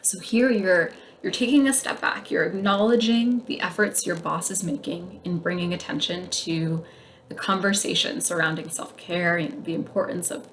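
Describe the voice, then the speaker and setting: A woman teaching communication skills to camera in a gentle, measured way, with frequent fillers and soft breathy asides. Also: on the low side, slight background noise, poor audio. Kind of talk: instructional talk to camera.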